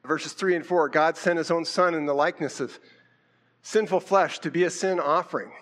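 A man's voice: a little high, normal speed, fairly bright tone. A man preaching a sermon in a casual, conversational way, asking rhetorical questions. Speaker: pastor.

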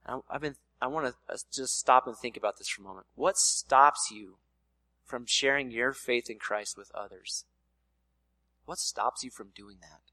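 A man's voice: mid-range voice, normal speed, pushed and bright, no room sound. Conversational male pastor, dry sound. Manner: conversational preaching with playful voiced asides. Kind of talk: sermon.

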